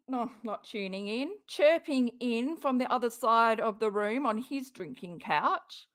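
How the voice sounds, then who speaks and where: A woman's voice: on the high side, lively intonation, unhurried, few pauses, fairly bright tone. A woman hosting a reaction channel, commenting on a clip in a sarcastic, profane, mocking way.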